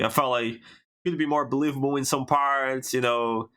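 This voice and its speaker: Bright-voiced animated man co-hosting a podcast. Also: medium pitch, normal speed. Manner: animated, restarts often, laughs easily. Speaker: podcast co-host. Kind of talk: casual chat.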